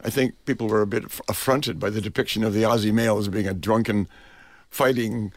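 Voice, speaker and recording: An older man, a film director, is a radio guest telling rambling, animated stories full of restarts, into a close studio mic. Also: on the low side, a little fast, no echo. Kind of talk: anecdotal storytelling interview.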